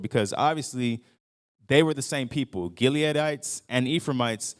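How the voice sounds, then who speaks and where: A man with a smooth, resonant voice of middling pitch gives a casual scripture lesson to his congregation. He talks loosely, with plenty of fillers and restarts, and lifts his voice whenever he acts out a quoted speaker. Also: moderate pace. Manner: conversational, full of fillers and restarts. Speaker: congregation Bible teacher. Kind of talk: casual Bible study teaching.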